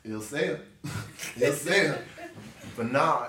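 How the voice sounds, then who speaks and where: A man's voice: mid-range voice, lively intonation, slow, pushed and bright, distant mic. Male podcast host, playful and joking, recorded in a roomy space with faint noise. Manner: joking, laughs often. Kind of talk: casual interview chat.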